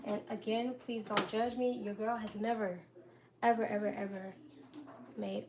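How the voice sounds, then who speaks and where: A young woman with a slightly high voice hosts a relaxed cooking live stream from her home kitchen. She chats to viewers by name and laughs easily between steps. Dishes and pans clatter clearly behind her. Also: moderate pace, rough recording. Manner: chatty, greets viewers by name, laughs often. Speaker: livestream host cooking dinner. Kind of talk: casual live-stream chat while cooking. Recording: kitchen clatter and household noise in background.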